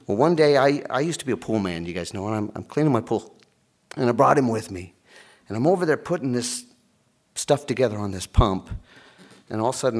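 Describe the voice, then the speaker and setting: A middle-aged pastor preaches a sermon at a moderate pace in a medium-pitched voice, pausing often as he tells stories and animatedly acts out the voices of the people in them.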